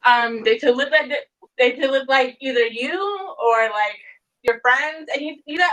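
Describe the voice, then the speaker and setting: A woman's voice: sits high, a little slow, a bit bright, rough recording. Giggly, rambling young woman. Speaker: podcast guest. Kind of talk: casual chat.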